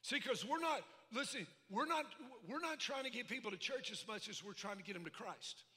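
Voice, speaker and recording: A pastor preaches in a big hall, his voice high and bright as it rings back off the walls. He talks in a folksy, animated way, with call-and-response asides to the crowd. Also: brisk. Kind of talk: sermon. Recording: echoey hall reverb.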